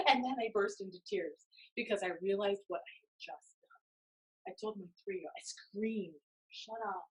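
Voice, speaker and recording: A middle-aged woman hosting a podcast, telling stories in a casual, animated way, laughing often and acting out quotes. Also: medium pitch, a little slow, long pauses, recorded from a distance, low-quality recording. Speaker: podcast host. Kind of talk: casual storytelling chat.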